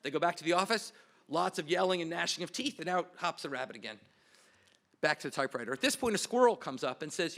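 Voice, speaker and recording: A man's voice: fairly high pitch, lively intonation, fast, fairly bright tone. A man giving a memorial speech and introducing a panel, speaking as host in a lightly humorous, anecdotal way. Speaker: department representative and panel host.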